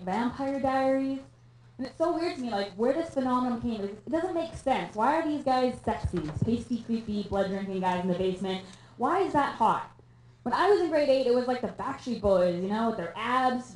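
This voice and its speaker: A young woman from Canada performing a stand-up comedy set on a theatre stage, deadpan and self-mocking with quick asides. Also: on the high side, slight background noise. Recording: echoey room, live audience.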